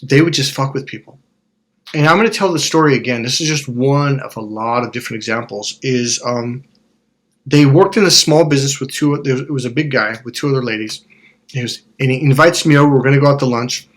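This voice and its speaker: A man's voice: medium pitch, a little fast. A man, a life coach and hypnotherapist, telling a story in a frank, rambling way, swearing and then apologizing for it. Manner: rambling, self-correcting. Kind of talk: storytelling monologue.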